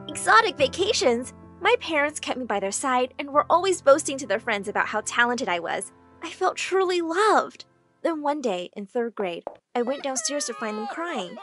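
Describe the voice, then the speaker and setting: A woman narrating an animated drama story in an expressive, dramatic way. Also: high-pitched. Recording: faint background music.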